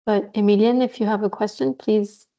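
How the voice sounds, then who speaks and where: A woman's voice: medium pitch, fairly even intonation, moderate pace. A woman moderating an online session, polite and facilitating. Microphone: video call. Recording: muffled lo-fi call audio.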